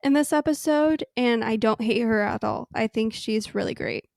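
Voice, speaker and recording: A woman's voice: fairly high pitch, moderate pace, gravelly, darkish tone, dry recording, clean studio sound. A woman co-hosting a podcast in casual chat, wry and emphatic. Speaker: podcast co-host.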